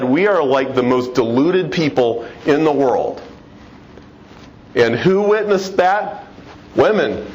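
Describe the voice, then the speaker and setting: A man's voice: a little high, rough recording. A middle-aged man giving an informal talk, speaking conversationally with restarts and rhetorical questions. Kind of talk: informal talk on religion and history. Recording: faint background noise.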